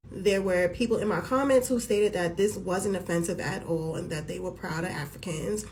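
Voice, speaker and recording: A woman's voice: fairly low pitch, darkish tone. A woman from the United States rants to camera. She sounds emphatic and exasperated. A faint hum sits behind her voice. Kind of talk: vlog rant to camera.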